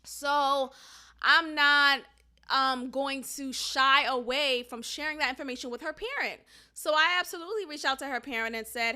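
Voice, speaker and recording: A woman's voice: sits high, moderate pace, sharp tone. A woman hosting a podcast, a teacher giving her candid, outspoken opinions in casual chat, with many fillers. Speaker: podcast host.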